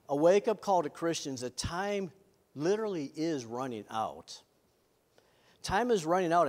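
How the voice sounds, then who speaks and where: Man, middle-aged, pastor, sermon, slightly higher voice, earnest, self-deprecating.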